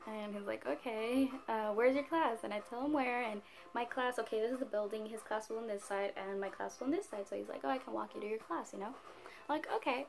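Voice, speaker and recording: Teen girl vlogger, bright higher voice, chatty storytime, lots of "like". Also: a little fast, creaky. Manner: chatty, animated, heavy use of "like". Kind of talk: casual storytime.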